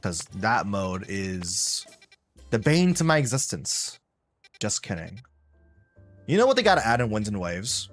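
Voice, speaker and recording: A man's voice: fairly low pitch, sing-song, measured pace, pauses often, fairly bright tone, faint music behind. A man live-streaming a video game, chatting casually and rambling to his viewers. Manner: chatty, rambling, talks to chat. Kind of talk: casual gameplay commentary.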